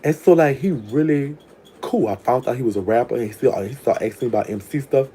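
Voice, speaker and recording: Profane, chatty storytelling man, mellow tone. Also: medium pitch, fast, slight background noise. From New Orleans. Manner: frank, profane, chatty, with laughs. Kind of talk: casual storytime monologue.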